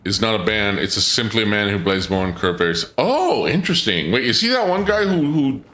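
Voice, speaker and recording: A man's voice: fairly low pitch, big pitch swings, fairly quick, a bit bright, echoey room. A man casually commenting on a game during a live stream, thinking aloud and answering chat. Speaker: gaming streamer.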